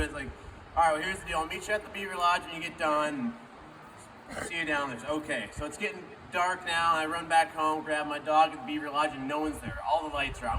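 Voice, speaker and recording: A man's voice: on the high side, brisk. Guy giving a casual eulogy story, acts out the back and forth, sounds far from the mic with a little hiss. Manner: acts out quoted dialogue with lively shifts. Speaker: friend giving a memorial speech. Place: memorial gathering. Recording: distant mic with faint background noise.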